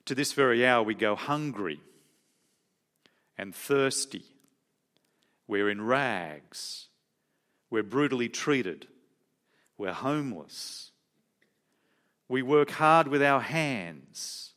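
A man's voice: medium pitch, expressive, takes it slowly, long pauses, fairly bright tone. Male preacher, conversational sermon, questions the congregation.

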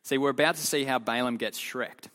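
A man leading a youth Bible lesson, telling the story in an animated, casual way full of slang. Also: mid-range voice, fairly quick. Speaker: youth leader teaching.

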